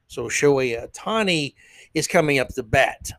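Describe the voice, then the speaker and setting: A man hosting a podcast, giving casual, opinionated commentary that rambles with frequent "uh" pauses. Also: medium pitch, lively intonation, creaky, a bit bright, dry recording. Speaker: podcast host.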